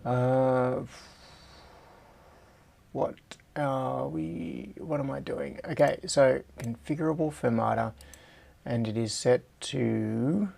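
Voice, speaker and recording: A man's voice: medium pitch, slow pace, vocal fry, long pauses, a little mellow. A middle-aged Australian man with a slight American tinge, hosting a casual livestream and thinking aloud as he works in his home workshop. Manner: rambling, self-mocking, talks to himself while tinkering. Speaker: host.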